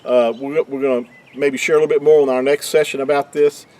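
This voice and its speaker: A man's voice: medium pitch, flat delivery, warm tone. Guy explaining a religious point, stops and restarts a lot, lots of uhs, mid voice. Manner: halting, restarts mid-sentence, many fillers. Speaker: religious teacher. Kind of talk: explaining teaching talk.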